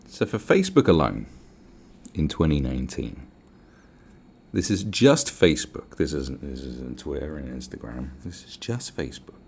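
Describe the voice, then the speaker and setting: A man hosting a solo podcast, ranting in a sarcastic, sweary, animated way. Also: very deep voice, normal speed, gravelly, husky. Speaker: podcast host.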